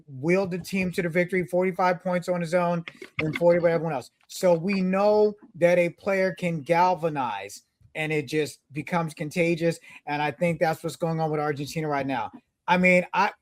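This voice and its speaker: A man with a notably high voice co-hosts a casual sports talk show. He rambles through his takes and leans on sports references. The recording is close and dry. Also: dry recording. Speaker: podcast co-host.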